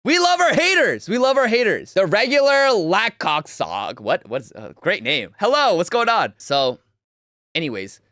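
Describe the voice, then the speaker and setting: A young man hosting a livestream, reacting to a video with loud, mocking, excitable commentary. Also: sits high, moderate pace, no room sound, studio quality. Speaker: streamer host.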